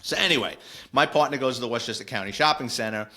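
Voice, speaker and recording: A middle-aged man, telling a casual, animated story on a podcast with lots of digressions. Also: medium pitch, fast talker. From New York. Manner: animated, digressive, acts out quoted voices. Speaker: podcast host, former police officer.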